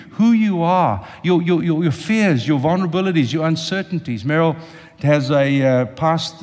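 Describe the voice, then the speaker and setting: An older male preacher delivers a passionate sermon, pleading directly with his congregation. His fairly high voice rings out with a long reverb through a large church hall. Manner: impassioned, speaks directly to the congregation.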